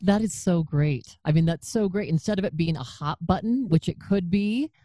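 Woman podcast host in her 40s, low mellow voice, chatty, dry close sound. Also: moderate pace, no echo. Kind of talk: casual interview chat.

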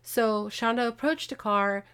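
A woman hosting a podcast, casually retelling a true-crime case with animated, exasperated asides. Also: a little high, measured pace, smooth. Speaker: podcast host.

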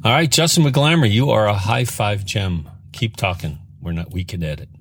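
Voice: low-pitched, moderate pace, slight background noise. A podcast host chatting casually with a guest, encouraging and joking. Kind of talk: casual interview chat.

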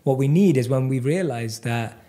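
A man's voice: medium pitch, normal speed, mellow. A man hosting an interview, affirming and reflective, with rambling questions full of restarts. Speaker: interview host.

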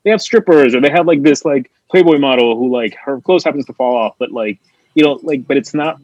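Husky man rambling about a movie. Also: medium pitch, fairly quick, darkish tone, no room sound, lo-fi sound. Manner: rambling, many "like" fillers. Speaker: podcast co-host. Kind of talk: casual movie discussion.

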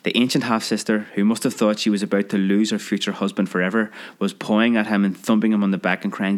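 A man narrating a children's story aloud in a lively, expressive reading. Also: on the low side, fast talker, hardly any pauses.

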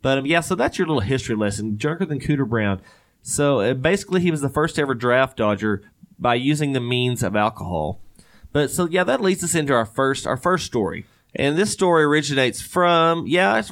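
A man's voice: medium pitch, very animated, brisk, fairly bright tone. A man hosting a podcast in casual chat, rambling and joking with lots of fillers. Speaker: podcast host.

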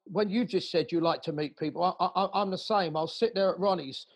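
A man, a musician hosting a conversation, shares an anecdote with easy laughter. His voice is husky and higher than most men's. He stumbles over repeated words before finding his point. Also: a little fast. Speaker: jazz musician, interviewer. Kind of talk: casual conversation.

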